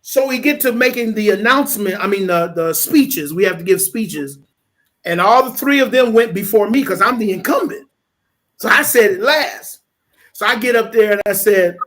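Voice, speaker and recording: A male pastor speaking as an interview guest, recounting a memory in relaxed conversational storytelling. He keeps the listener close with repeated check-ins and brings quoted people to life with shifts in his delivery. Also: very high-pitched, moderate pace. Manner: animated storyteller, repeats "okay?" for emphasis; switches into lively voices when quoting people.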